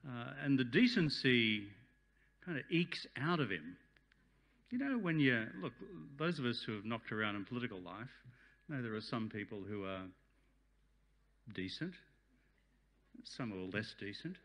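A man's voice: medium pitch, very animated, moderate pace, long pauses. An Australian man in his sixties giving a chatty, joking speech at a community function. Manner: chatty, jokey, warm-hearted. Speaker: guest speaker. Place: function hall.

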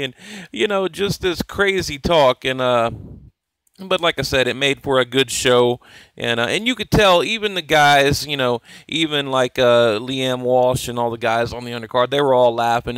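This man hosts a boxing channel and chats loosely about fights, chuckling and filling his rambling talk with lots of fillers. His medium-pitched voice sounds a bit bright and clean, without room sound, though the recording is rough.

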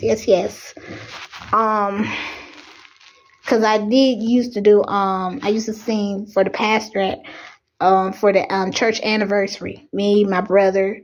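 A woman's voice: mid-range voice, flat delivery, slow pace, poor audio. A young adult woman, preaching with rising fervor and fighting back tears. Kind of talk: impassioned preaching.

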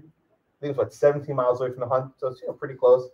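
Male law professor, animated lecturing, casual, roomy distant sound, dull recording. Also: medium pitch, rapid-fire. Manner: lively, casual, calls on students by name. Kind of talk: classroom lecture with questions to students. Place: lecture classroom.

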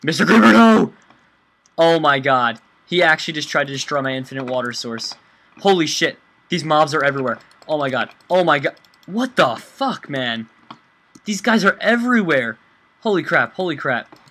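A man's voice: on the high side, animated, moderate pace, bright, forceful tone. A young man hosting a let's play, rambling and self-mocking as he plays, and swearing when he panics. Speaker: gaming channel host.

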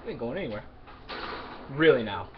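Guy playing a game and cursing at the characters, loud bursts then mumbles, muffled mic with hiss. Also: mid-range voice, brisk. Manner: excitable, swearing, yelling at game characters; mumbling asides while looting. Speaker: gamer. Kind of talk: let's play commentary. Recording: dull lo-fi mic with clear background noise.

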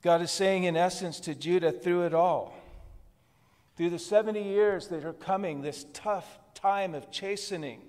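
A male pastor preaching a conversational sermon at a midweek church service, chuckling softly between points. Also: sits high, a little slow. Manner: conversational preaching with soft laughs. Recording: long reverb of a church hall.

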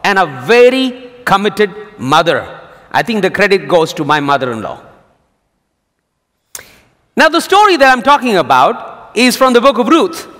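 Male pastor, high and animated, sermon in a church with long reverb. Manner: lively storytelling preacher. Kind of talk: sermon with jokes.

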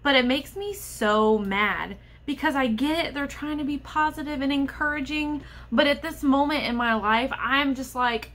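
A young woman sits and vents to her camera in a candid personal vlog. Her voice sits a little high and comes out frustrated and worked up, yet she stays open and direct. She talks from home in a plain, unscripted monologue. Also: normal speed, few pauses, fairly bright tone. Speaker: vlogger.

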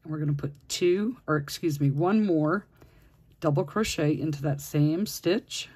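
Unhurried crochet instructor with a slightly husky voice, patiently counting stitches aloud in a step-by-step tutorial. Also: medium pitch, a little mellow.

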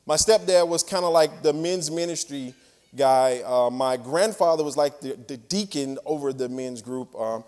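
A man from Mississippi with a Southern twang, a guest speaker giving a chatty, relaxed sermon. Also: fairly high pitch, moderate pace. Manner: relaxed, chatty with laughs and fillers. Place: large church hall. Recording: hall reverb from a church stage.

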